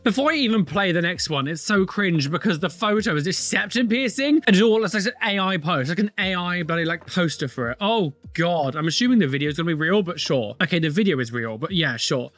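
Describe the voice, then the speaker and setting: A man's voice: sits high, lively intonation, a little fast, hardly any pauses, fairly bright tone, faint music behind. A man hosting a reaction video, commenting on clips with sarcastic, exclaiming remarks.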